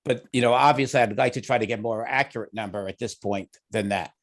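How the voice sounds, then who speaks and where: A man's voice: on the low side, fast. A man with a Long Island accent chairing a committee meeting in an easygoing, conversational way, thinking aloud as he talks. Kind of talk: meeting discussion.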